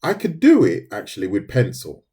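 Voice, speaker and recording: A man's voice: lowish voice, wildly swooping pitch, normal speed, dark tone, husky. A middle-aged man, chatting casually with viewers on a livestream while he draws. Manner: chatty, talks to viewers, says "mate" often. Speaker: livestreaming artist.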